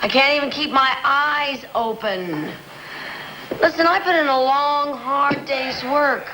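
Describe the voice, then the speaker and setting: A woman's voice: high-pitched, slow pace, background noise. An actress playing a tired, blunt young working woman from the Bronx with a New York accent, in a 1970s TV movie. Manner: blunt, wisecracking, weary complaints.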